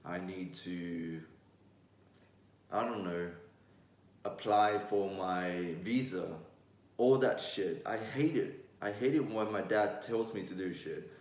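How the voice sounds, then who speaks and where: A man's voice: deep voice, takes it slowly, far from the mic. A young man in his twenties from Vietnam, with a mixed Vietnamese-Australian accent, talking bluntly and candidly to camera, swearing freely. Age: 20s. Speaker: vlogger. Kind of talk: casual monologue to camera. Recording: roomy echo, voice away from mic.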